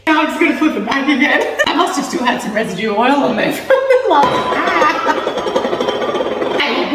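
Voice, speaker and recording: A woman's voice: high-pitched, a bit bright, slight background noise. A woman chatting casually through a home cooking vlog, self-mocking and laughing often. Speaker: cooking vlogger. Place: home kitchen. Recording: echoey kitchen, mic at a distance.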